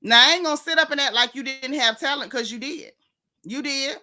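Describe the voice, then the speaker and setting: A woman's voice: high-pitched, fairly quick, bright, forceful tone. A woman hosting a casual gossip livestream, talking in a sassy drawl and greeting her viewers.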